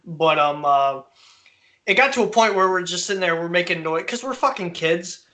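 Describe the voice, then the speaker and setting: Bright, high-voiced laughing podcast host man. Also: moderate pace. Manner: profane, laughing, animated storyteller. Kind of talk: casual storytelling chat.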